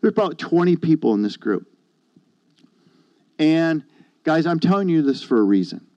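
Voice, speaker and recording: A man's voice: mid-range voice, mellow, dry recording, highs cut off. A man preaching a sermon, telling a personal testimony in a conversational storytelling way and acting out what others said to him. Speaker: pastor.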